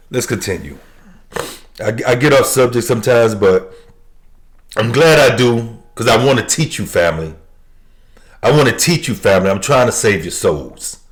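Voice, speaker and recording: Unhurried and deliberate, this preacher's sermon leans hard on repeated key phrases for emphasis. His pitch climbs and dips broadly as he jumps between shouts and quiet, low lines.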